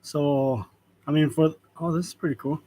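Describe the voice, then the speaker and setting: Broadcasting live from a print shop on a wireless lavalier, a man in his forties chats casually, welcoming viewers by name and chuckling between remarks. His fairly high voice has a steady, dark tone at normal speed.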